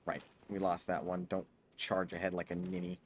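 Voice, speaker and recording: A man's voice: low voice, completely flat delivery, moderate pace, slight background noise. A man streaming a hard game, chatting casually, swearing often and breaking into mock-grand speeches. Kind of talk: casual gameplay commentary.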